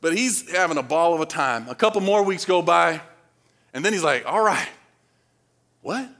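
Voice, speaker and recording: A man's voice: on the high side, expressive, a little fast, fairly bright tone. A man from the Dominican Republic preaching a sermon in a casual, conversational way, often checking in with the congregation through questions. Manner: conversational, asks the crowd questions.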